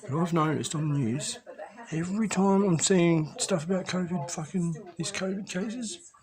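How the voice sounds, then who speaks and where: A man's voice: high voice, moderate pace, a crowd in the background. An Australian man giving a rambling, profane rant to his viewers, full of swearing and conspiratorial asides. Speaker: vlogger addressing preppers.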